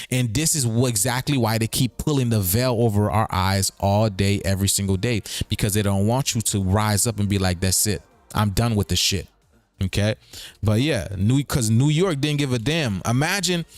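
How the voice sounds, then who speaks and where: A man's voice: mid-range voice, no echo. A man hosting a livestream in a casual, rambling commentary style. He repeats himself and keeps checking in with his listeners. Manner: breaks words apart and riffs on them. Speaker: streaming show host.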